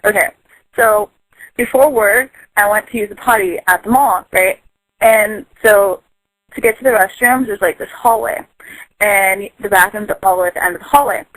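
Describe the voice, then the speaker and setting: A woman's voice: mid-range voice, moderate pace, fairly bright tone, no echo, rough recording. A woman telling a casual story from work, chatty and giggly, full of likes and ums. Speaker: storyteller in a voice post.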